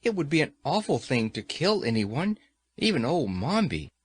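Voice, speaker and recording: A man doing a gentle, tender-hearted tin man. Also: on the high side, sing-song, normal speed, slightly rough, no echo, voice pushed up. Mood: pleading. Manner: soft-hearted, pleading.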